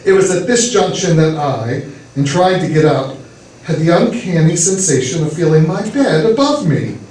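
A man reading a humorous story aloud with expressive storytelling delivery, performing at a church variety show. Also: a little high, normal speed. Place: church hall with audience. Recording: echoey hall from far off.

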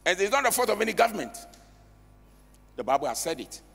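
A man's voice: high voice, very animated, fast, gravelly, a bit bright, husky. A man, an elder preaching an emphatic sermon in a church and at times breaking into song. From Ghana. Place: church hall. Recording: reverberant church hall with music.

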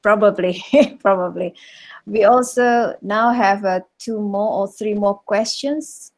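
A woman's voice: medium pitch, takes it slowly. Female moderator in an online lecture, casual and easygoing, on a video call. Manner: casual, chuckles between remarks.

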